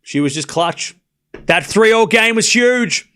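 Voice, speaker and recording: A man giving casual live play-by-play of tennis for his stream, talking to chat and shouting at big points. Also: high voice, a little slow, clean tone. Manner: excitable, talks straight to chat, bursts of shouting at big points; casual and chatty, with slang and asides. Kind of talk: live watchalong play-by-play commentary.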